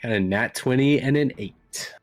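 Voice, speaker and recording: A man playing a tabletop game, talking slowly and hesitantly while checking his rules and spells. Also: mid-range voice, no room sound, soft background music. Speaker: player. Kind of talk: casual tabletop game chat.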